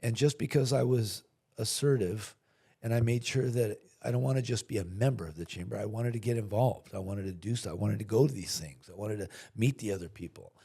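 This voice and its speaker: Guy with a dark mellow voice telling stories, acts out the back and forth. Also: lowish voice, brisk, vocal fry, husky. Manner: animated anecdote-telling, acting out dialogue. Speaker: podcast guest, chamber of commerce chairman. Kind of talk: casual storytelling. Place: podcast studio.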